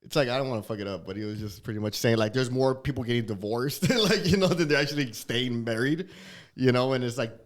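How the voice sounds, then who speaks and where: Male comedian guest, casual, profane, slangy, mid-pitched, keeps laughing mid-story. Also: fast talker.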